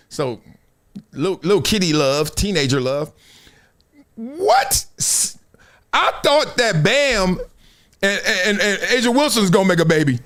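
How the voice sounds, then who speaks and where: An animated man hosting a casual sports livestream, his voice bouncing between high and low tones. He sits a little higher than most men and laughs often as he riffs. His delivery is loose and playful. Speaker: host.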